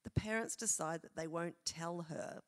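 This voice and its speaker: A woman's voice: fairly low pitch, normal speed. Rambling woman co-host. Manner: chatty, rambling, with many fillers and self-interruptions. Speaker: podcast co-host. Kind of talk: casual chat on stage. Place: theatre stage, live show.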